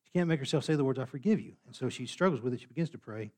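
A man's voice: medium pitch, expressive, rapid-fire, darkish tone. A man giving an earnest sermon as pastor, retelling a story and repeating words when he stresses a point. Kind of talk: sermon with a read-aloud story.

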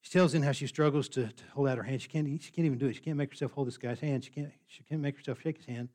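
A man's voice: mid-range voice, steady tone, rapid-fire, a little mellow. A man giving an earnest sermon as pastor, retelling a story and repeating words when he stresses a point. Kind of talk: sermon with a read-aloud story.

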